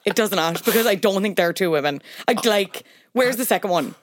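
A young Irish woman hosting a podcast, playful and quick to laugh as she riffs with her guest. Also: medium pitch, animated, background noise. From Ireland. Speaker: podcast host. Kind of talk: casual chat.

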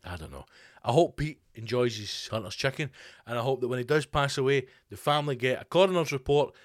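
A man's voice: medium pitch, lively intonation, fairly quick, no echo, studio quality. A man hosting a solo comedy podcast, ranting with rhetorical questions and swearing freely. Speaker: podcast host. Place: home studio.

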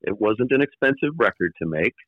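A man with a lowish voice looks back on his time in the music business. He stops and starts, circles back with "um" and "you know," and laughs wryly now and then. The sound is dull and lo-fi, with no room echo. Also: lively intonation. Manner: halting, many fillers and restarts, wry laughs. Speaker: former record label executive, guest. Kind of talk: conversational interview storytelling.

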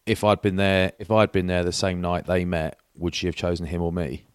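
A man's voice: sits low, little pitch movement, brisk, smooth, no echo, studio quality. A man co-hosting a podcast, chatting in jokey, boastful banter with a mate. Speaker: podcast co-host. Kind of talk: casual banter.

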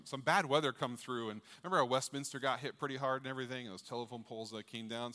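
Middle-aged pastor guy cracking jokes from the pulpit, bright punchy voice, church reverb trailing off. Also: medium pitch. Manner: jokey, chatty, asks the crowd questions. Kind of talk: sermon with jokes. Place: church sanctuary with long reverb. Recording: long hall reverb from a church.

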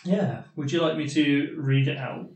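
A man's voice: on the high side, moderate pace. Wry man with a roomy echo. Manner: wry, teasing, dry deadpan humour. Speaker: podcast co-host. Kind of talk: casual chat, reading a listener email aloud.

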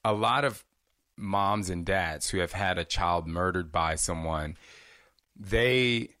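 A man's voice: low-pitched, takes it slowly, pushed and bright, no room sound, studio quality. A man hosting a casual question-and-answer vlog, talking candidly and chatty, rambling with asides. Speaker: fitness host answering viewer questions.

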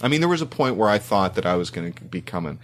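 A man's voice: lowish voice, big pitch swings, very fast, fairly bright tone. A middle-aged man from Canada, a screenwriter being interviewed, talking casually and rambling with frequent ums and restarts. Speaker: guest screenwriter.

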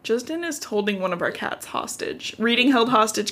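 A young woman co-hosting a podcast, recapping a book in casual chat, full of "like" and quick laughs. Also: a little high, expressive, fairly bright tone. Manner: chatty recap filled with "like", laughing often. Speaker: podcast co-host.

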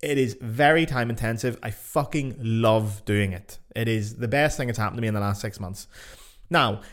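A young man with a Northern Irish accent, hosting his own podcast in casual, excitable talk that swears freely and jumps about in pitch. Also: moderate pace. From Northern Ireland. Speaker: podcast host, flutist. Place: home in Cologne.

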